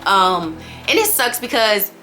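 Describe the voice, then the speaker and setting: Chatty young mom vlogger, bright voice. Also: female voice, medium pitch, sing-song, unhurried, faint music behind. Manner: chatty and candid, says y'all, girl and you guys often. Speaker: new mother. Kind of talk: casual sit-down chat to camera.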